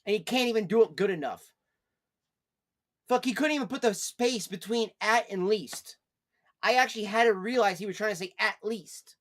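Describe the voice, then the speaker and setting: A man's voice: normal speed, pauses often. Man ranting, profane and scolding. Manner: swings from low weary sighs to loud yelling. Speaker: streamer. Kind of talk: casual live-stream chat.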